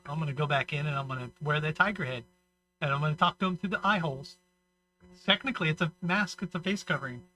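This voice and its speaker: A man's voice: a little high, fast, bright, forceful tone, soft background music, rough recording. A man co-hosting a comedy podcast, telling rambling stories in casual banter and acting out the people he quotes. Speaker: podcast co-host.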